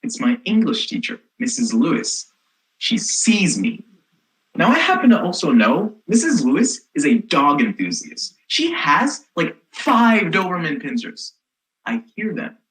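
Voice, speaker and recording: Casting: young actress as a snarky teen girl rebel, sarcastic storyteller, pitch swings widely. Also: huge pitch swings, unhurried, a bit bright, exaggerated voice, poor audio. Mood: sardonic. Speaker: student actor. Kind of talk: comic stage monologue.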